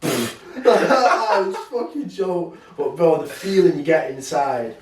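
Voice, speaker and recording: A man's voice: a little high, moderate pace, noisy background. Young man, roomy distant sound. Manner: swearing, animated storytelling slang. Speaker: podcast co-host. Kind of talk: casual chat.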